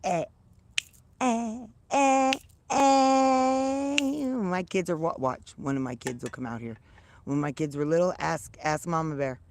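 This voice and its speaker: A woman's voice: lowish voice, slow, a little mellow, slight background noise. A middle-aged woman livestreaming outdoors on a farm, chatting casually with viewers in a loose, laughing way and swearing freely. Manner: loose, laughing, salty talk. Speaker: livestreaming vlogger. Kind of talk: casual live chat with viewers.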